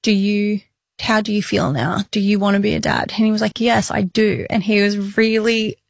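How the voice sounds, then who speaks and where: A woman in her late thirties chats openly and emotionally as a podcast co-host, often breaking into laughter. Her voice sits at a middle pitch and is recorded dry and close. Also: fairly even intonation, moderate pace, vocal fry, dry recording. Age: 30s. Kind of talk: casual chat.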